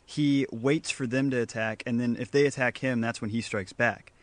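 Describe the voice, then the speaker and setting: A man on a film podcast, calmly explaining a point about a scene. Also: medium pitch, no room sound. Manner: calm, measured explaining. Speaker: podcast panelist. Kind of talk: casual film discussion.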